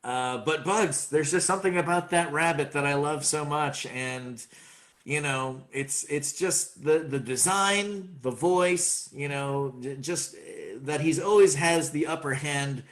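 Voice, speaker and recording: Male voice actor, casual interview guest, slightly high voice. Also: unhurried. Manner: animated, slips into voices.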